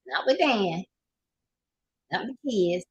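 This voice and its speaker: A woman's voice: mid-range voice, lively intonation, takes it slowly, slightly rough, muffled recording. An older woman with a Southern US accent, hosting a casual motivational talk, folksy and preachy, sometimes laughing as she talks. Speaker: life coach host.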